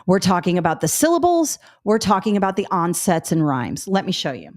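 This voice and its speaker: A woman's voice: fairly low pitch, very animated, a little fast, a little mellow. Middle-aged woman running a live test prep webinar, upbeat, coaches you through examples.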